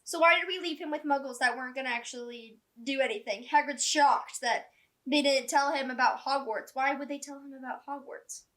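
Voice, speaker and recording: A woman chatting excitedly in a casual reading vlog at home, filling her talk with "like". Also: sits high, brisk. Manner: chatty and excitable, heavy use of "like". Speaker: book vlogger.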